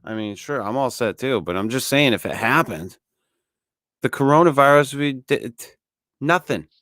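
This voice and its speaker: A man's voice: medium pitch, lively intonation, normal speed, fairly bright tone, no room sound. A man co-hosting a podcast, ranting casually with lots of swearing and restarts. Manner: profane ranting, many restarts. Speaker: podcast co-host.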